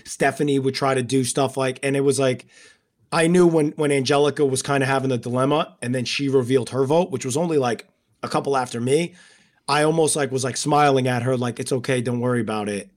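A man's voice: mid-range voice, fairly even intonation, a little fast. A man co-hosting a casual podcast chat, talking in long, rambling, heartfelt stretches full of fillers. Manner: rambling and emotional, many fillers. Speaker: podcast co-host and former contestant.

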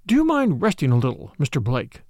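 A man reading the part of a haunted, weary middle-aged male medical assistant in a low, stern and resolute way, in a dramatic audiobook. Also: huge pitch swings, a little fast, darkish tone, no room sound, clean studio sound.

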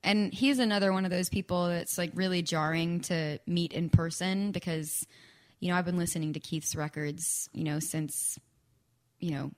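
A woman's voice: fairly low pitch, fairly even intonation, normal speed. A young woman from Texas chatting casually as an interview guest, with lots of "like" and "um". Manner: chatty, frequent "like" and "um". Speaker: guest songwriter.

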